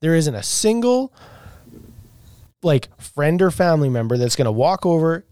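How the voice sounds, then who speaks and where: A man's voice: fairly high pitch, very animated, moderate pace, mellow, clean tone, no echo, clean studio sound. A man, a deck salesman, co-hosting a podcast in an easygoing, agreeable back-and-forth. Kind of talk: casual podcast chat.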